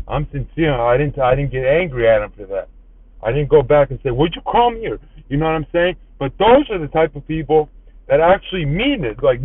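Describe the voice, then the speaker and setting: A man giving a casual, preachy spoken monologue about people and society, repeating himself as he moralizes. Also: a little high. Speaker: self-styled spiritual counselor. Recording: tinny phone-like audio.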